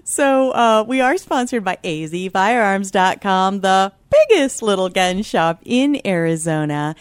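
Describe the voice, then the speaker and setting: A woman's voice: mid-range voice, animated, measured pace, smooth, no room sound. Cheery lady radio host, chatty, laughs a lot, dry studio sound. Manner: upbeat, laughs easily, chatty with fillers. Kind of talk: talk radio hosting.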